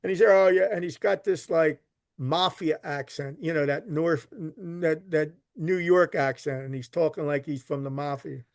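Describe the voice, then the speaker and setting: Rambling Philly man, slightly high voice. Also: normal speed, dry recording, clean studio sound. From Philadelphia. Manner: rambling, repeats words, swears casually. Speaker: podcast guest, recovery literature collector. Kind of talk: casual storytelling.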